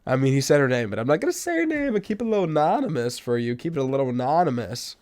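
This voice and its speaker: A young man hosting a podcast, telling stories in a casual monologue that swings from loud outbursts to low mutters. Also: very animated, very fast. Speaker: podcast host.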